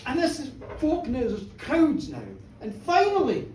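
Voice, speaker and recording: A middle-aged woman telling a comic folk tale live, cheeky and animated, chatting with her audience. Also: high voice, unhurried. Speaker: storyteller. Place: pub bar, live show. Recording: roomy pub, from a distance, faint room noise.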